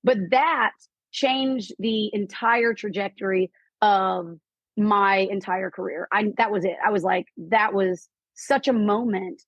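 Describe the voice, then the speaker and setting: A woman guest on a podcast telling a personal story, animated and quoting people in lively voices. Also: medium pitch, slow pace, dry recording, dull audio. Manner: animated, quotes herself and others in lively voices. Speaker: podcast guest, real estate investor. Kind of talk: storytelling in an interview.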